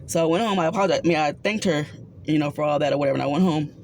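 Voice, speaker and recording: A woman who works as a psychiatric technician, casually telling a story from her job in a rambling, animated way, with plenty of fillers and acted-out dialogue. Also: low voice, rapid-fire, slight background noise. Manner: acts out others' words in reported dialogue.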